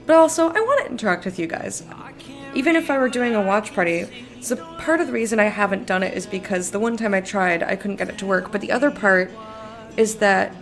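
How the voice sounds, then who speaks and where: This woman's voice is on the high side and gravelly. Sleepy and giggly, she rambles through a casual live stream, laughing often and reading her chat aloud to respond.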